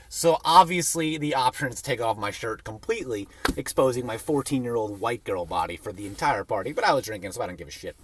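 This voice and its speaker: A man's voice: mid-range voice, lively intonation, quick pace, hardly any pauses, breathy edge. A young man telling a funny personal story in a rambling, profane, self-mocking way. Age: young adult.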